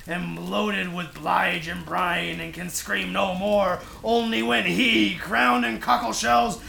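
Man putting on a gravelly old sea captain. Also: high-pitched, pushed and bright, slight background noise, heavily acted. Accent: put-on old sailor accent. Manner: theatrical, declaiming with mounting rage. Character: furious old male sea captain cursing.

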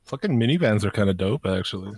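A man's voice: on the low side, expressive, fast, a little mellow, breathy edge, no room sound. A man co-hosting a watch-along, chatting casually and explaining things in a loose, profane way with laughs. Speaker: co-host of a watch-along show. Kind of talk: casual chat.

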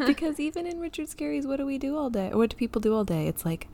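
A woman's voice: sits high, brisk, a little hiss or hum. A woman co-hosting a casual book chat, wry and laughing as she gives recommendations. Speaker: podcast co-host. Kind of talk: casual chat about books.

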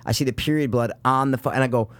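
A man's voice: medium pitch, quick pace, a bit bright, dry recording. A man in casual chat, telling rambling stories full of fillers and swearing.

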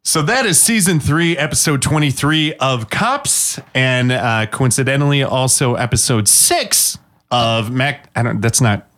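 A man's voice: mid-range voice, measured pace, fairly bright tone. A man co-hosting a podcast in casual, jokey chat, rambling and restarting his sentences. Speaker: podcast co-host.

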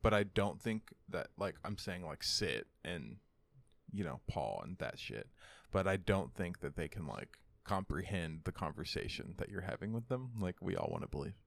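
Chill young guy on a home podcast, lowish voice, dry close mic, cusses a lot. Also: expressive, normal speed, gravelly, dry recording. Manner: laid-back, swears a lot, flares up when ranting. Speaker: podcast co-host. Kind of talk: casual podcast chat. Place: home room.

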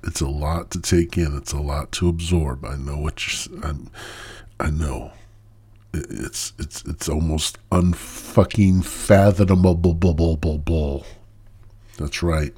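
A man's voice: very deep voice, a little mellow, breathy edge. A stoned man hosting his own podcast in a crude, rambling monologue that loses its thread. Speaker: podcast host.

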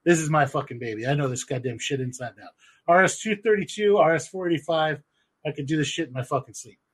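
A man in casual podcast chat, swearing freely and rambling through fillers in an animated, husky voice. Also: fairly high pitch, quick pace.

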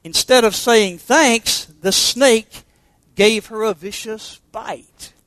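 A pastor preaching a sermon to confirmation students, emphatic and asking rhetorical questions. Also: male voice, high voice, takes it slowly, a bit bright, no room sound.

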